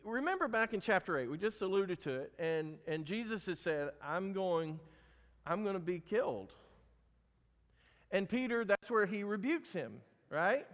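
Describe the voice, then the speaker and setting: A man with a high voice preaches a sermon, pressing his points with emphasis and repeated questions to the congregation. His voice rings through a hall with a long reverb. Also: sing-song, unhurried, fairly bright tone. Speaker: pastor.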